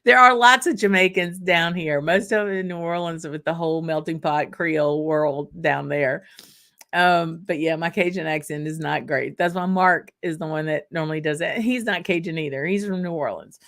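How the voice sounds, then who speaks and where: A woman's voice: low-pitched, normal speed, fairly bright tone. A woman with a Southern accent, from Arkansas, hosting a casual livestream and chatting in a rambling way, reading viewer comments aloud. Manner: chatty and rambling, with frequent fillers and laughter. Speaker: livestream host.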